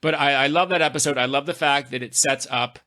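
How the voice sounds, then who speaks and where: A man's voice: fairly high pitch, steady tone, quick pace, sharp tone. A man hosting a podcast in casual chat, an effusive storyteller who gushes with enthusiasm. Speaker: podcast host.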